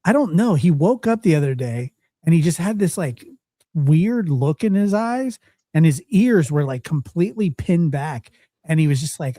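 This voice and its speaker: A man's voice: fairly high pitch, lively intonation, moderate pace, dark tone, dry recording, studio quality. A man hosting a live talk stream, thanking callers and chatting in a friendly, conversational way. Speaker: host.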